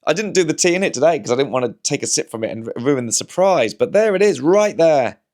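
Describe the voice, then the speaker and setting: A man's voice: on the high side, animated, fast talker, darkish tone. A man, a comedian, talking to camera in a casual rambling monologue, wry and anecdotal, often restarting his sentences. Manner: wry, anecdotal, talks himself through hypotheticals with frequent restarts. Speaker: comedian and vlog host.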